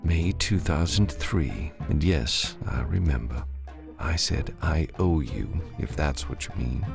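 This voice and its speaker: A wary, guarded ex-soldier voiced by a male audiobook narrator, speaking low with a gravelly rasp. He keeps his voice flat and careful, holding back. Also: slow, music in the background, full character voice. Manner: guarded, level, low-key.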